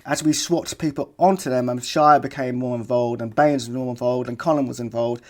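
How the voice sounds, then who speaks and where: A man's voice: medium pitch, steady tone, brisk, darkish tone. A middle-aged man with a London accent, a podcast guest chatting loosely and acting out the people in his stories. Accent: London English. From England. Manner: chatty, rambling, full of "like" and "you know what I mean". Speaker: guest, skateboard filmmaker. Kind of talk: casual podcast storytelling.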